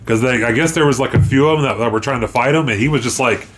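A man's voice: mid-range voice, fast talker, soft background music. A man co-hosting a casual podcast, chiming in with comments and swearing casually. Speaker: podcast co-host. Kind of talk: casual chat.

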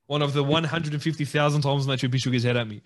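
A male podcast co-host with a mid-range voice tells a story very fast, casual and animated, laughing often along the way.

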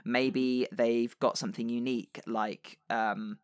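A man's voice: medium pitch, little pitch movement, slow pace, clean tone, dry recording, studio quality. A man co-hosting a podcast, chatting casually and passing on tips with lots of fillers. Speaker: podcast co-host. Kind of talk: casual chat about tabletop role-play.

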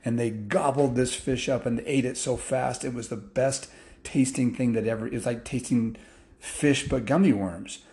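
A man telling a story in a loose, casual way, with restarts and fillers, picking up excitement as the action builds. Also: mid-range voice, normal speed.

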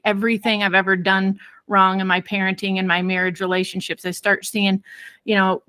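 A woman guest in an interview, telling a personal parenting story in an earnest, expressive way and laughing easily. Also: mid-range voice, dry recording.

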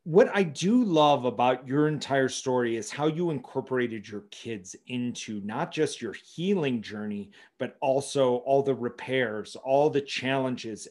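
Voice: medium pitch, a little mellow. A podcast host who interviews a guest, often affirming her and reflecting on her story at length. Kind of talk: casual interview.

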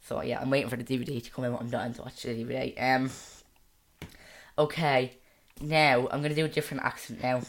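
A woman with a Dublin accent chats casually as a podcast co-host. Her voice sits low, and she talks loosely with plenty of fillers. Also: level tone, brisk, slight background noise. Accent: Dublin Irish. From Dublin, Ireland. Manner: chatty, with many fillers and playful accent attempts. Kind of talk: casual chat.

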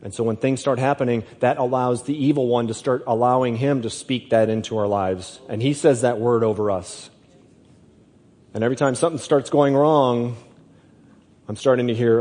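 A male preacher delivers a sermon at a deliberate, emphatic pace, often circling back to repeat his phrases. His voice sits in a middle range and carries a long reverb from a large hall. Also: medium pitch, darkish tone.

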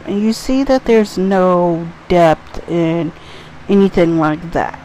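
A young adult woman hosting her own casual solo podcast, talking in a tired, rambling way with breathy asides. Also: lowish voice, takes it slowly, dark tone, a little hiss or hum. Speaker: podcast host. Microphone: USB microphone.

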